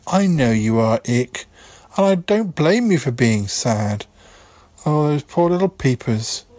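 A man in a comedy sketch who reassures gently and hesitantly, often stammering as he talks. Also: medium pitch, lively intonation, a little slow, no room sound. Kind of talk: comic sketch dialogue.

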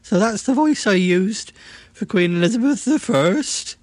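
A flamboyant, theatrical actor who dithers through every sentence, as a man plays him. His pitch swoops widely and he speaks slowly, with halting ums, in a dry, close recording. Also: animated, a little mellow, dry recording. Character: flamboyant, hesitant male voice actor. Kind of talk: comedy character monologue.

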